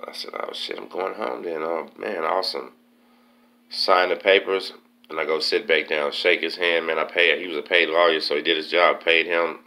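A man's voice: deep voice, sharp tone. A man casually telling a story from his time in jail, laid-back and full of slang. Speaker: host telling prison stories.

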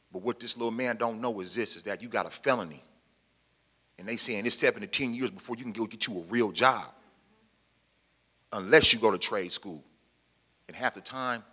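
A man's voice: on the low side, pushed and bright, breathy edge. Impassioned man speaking in an echoing hall. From Pacific Northwest, US. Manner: emphatic, repeats key lines, plain colloquial speech. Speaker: formerly incarcerated panel speaker. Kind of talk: impassioned public talk to an audience. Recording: long hall reverb.

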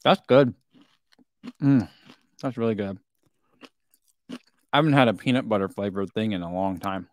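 This snack-reviewing vlogger has a fairly low voice and a normal speed, pausing often as he chats casually through the unboxing and tasting. He giggles now and then and talks between bites, with no echo in the recording.

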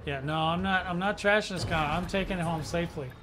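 A man's voice: high-pitched, quick pace, background noise. A man hosting his own gaming channel, rambling through casual gameplay commentary with slang and jokes at his own expense. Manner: rambling, slangy, self-mocking.

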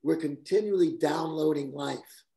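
A man whose voice sits somewhat high for a man speaks as a guest cinematographer before a class. He tells stories casually and keeps them lively. He laughs easily and acts out the lines of the people in them. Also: unhurried, gravelly. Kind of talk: casual anecdotal storytelling.

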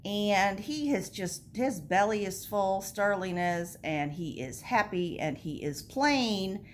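A woman hosting a doll channel, reading a children's story aloud to camera in a gentle, lilting way. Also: mid-range voice, lively intonation, slow pace, a little hiss or hum.

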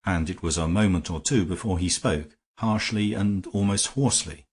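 A man giving a measured, steady audiobook narration. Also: low-pitched, breathy edge. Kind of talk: scripted narration.

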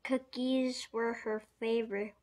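A woman reading a children's picture book aloud, slow and expressive, giving the characters little voices. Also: a little high. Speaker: storybook reader.

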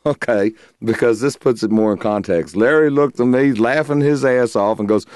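A middle-aged man, a blues guitarist, telling a story in an interview, animated, laughing and acting out other people's voices. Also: mid-range voice, normal speed, hardly any pauses, no echo, studio quality.

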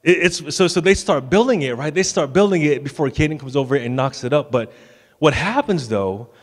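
A man's voice: on the high side, animated, brisk. A man in his thirties, a pastor giving a sermon in a casual, joking way with stammered restarts. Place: church sanctuary. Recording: long church hall reverb.

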